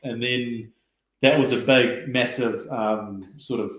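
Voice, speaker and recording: A man telling stories casually in an interview, relaxed and chatty, with lots of fillers and quoted asides. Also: medium pitch, takes it slowly. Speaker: guest rower. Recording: roomy echo.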